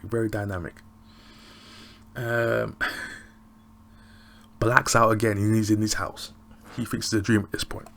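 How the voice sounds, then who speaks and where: A man giving a casual, rambling recap of a TV episode, excitable and often laughing. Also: fairly low pitch, vocal fry. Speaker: TV show reviewer.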